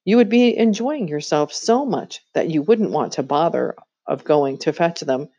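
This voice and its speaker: A woman's voice: sits low, expressive, moderate pace, mellow, breathy edge, highs cut off, full character voice. A woman doing a coaxing witch queen. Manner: sweetly persuasive, commanding.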